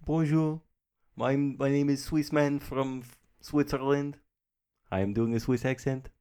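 A man voicing a silly Swiss man with a mock French accent, in halting, broken phrases. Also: medium pitch, steady tone, mellow, clear, resonant tone, pitched above the performer's own voice, natural voice. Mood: goofy. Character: silly adult male Swiss man, cheerful.

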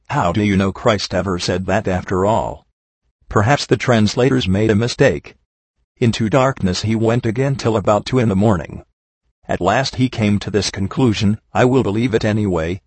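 A man with a somewhat low voice reads a sermon aloud, his tone husky. He keeps a steady, earnest preaching cadence. The sound is dry and close. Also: no echo. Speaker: reader of a sermon.

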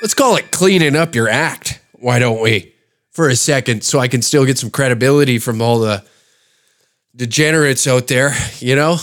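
A man in his thirties hosts his podcast with a nasal, stuffed-up voice from a cold. His pitch sits in the middle, and he rambles in a crude, self-mocking way. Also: normal speed, a bit bright. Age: 30s. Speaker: podcast host. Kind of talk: casual solo podcast talk.

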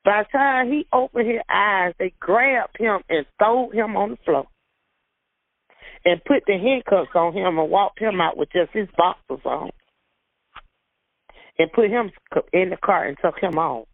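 A woman's voice: medium pitch, a little slow, no echo. A woman gives an emotional first-hand account, acting out her own panicked pleas. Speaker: interviewee recounting an arrest. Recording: tinny phone-line archive clip.

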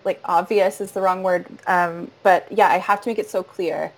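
A woman's voice: fairly low pitch, steady tone, normal speed, rough recording. Woman, voice teacher, audiobook narrator, earnest, laughs easily, casual interview. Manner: warm, earnest, laughs often, demonstrates voice registers.

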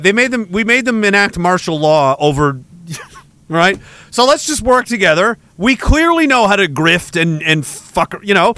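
A Canadian man hosts a livestream in a high, bright, forceful voice, captured in a dry recording. He rants sarcastically with plenty of profanity, reads the chat, and laughs often.

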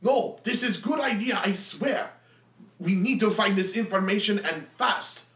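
A man voicing a dim, bloodthirsty male adventurer who blusters loud threats in broken grammar. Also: high voice, lively intonation, measured pace, reverberant, pitched above the performer's own voice. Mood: menacing.

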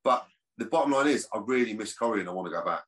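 A man's voice: fairly low pitch, lively intonation, racing, a bit bright. A man, an actor chatting as a podcast guest, rambling with restarts. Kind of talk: casual podcast chat.

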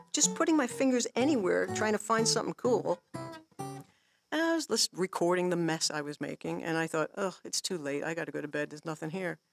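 Woman songwriter and teacher, slight fry in the voice, chatty and animated, laughs easily. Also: fairly low pitch. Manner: animated storyteller, acts out her own inner voice; laughs often while explaining. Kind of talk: casual workshop talk.

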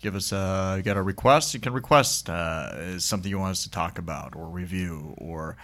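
A man co-hosting a podcast, relaxed and laughing often as he wraps up the episode. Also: low voice, normal speed. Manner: laid-back, laughs often. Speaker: podcast co-host. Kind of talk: casual podcast banter.

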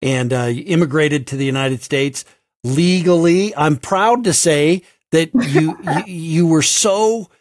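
A man hosting an interview, responding warmly to his guest with halting speech and fillers. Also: on the high side, no echo, studio quality. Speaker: podcast host.

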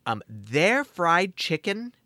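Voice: medium pitch, sing-song, slow, pushed and bright, no echo, clean studio sound. A podcast co-host in a casual chat, enthusiastic and giggly, often repeating phrases for emphasis.

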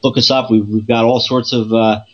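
A man's voice: medium pitch, little pitch movement, moderate pace, highs cut off. A man, a guest paranormal investigator on a radio show, talks casually and rambles with many fillers and restarts.

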